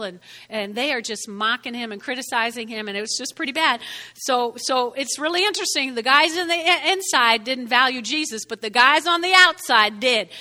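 A woman's voice: a little high, bright, forceful tone, in a large hall. A woman preaching a conversational sermon, checking in with the congregation often.

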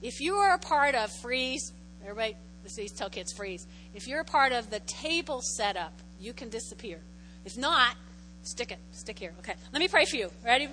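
A woman pastor giving a conversational sermon in a church, often checking in with "okay?", and moving from loud prayer to a soft invitation. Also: sits high, animated, a little fast, slight background noise, low-quality recording. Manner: conversational, repeats phrases, frequent "okay?" check-ins. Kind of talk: sermon with altar call.

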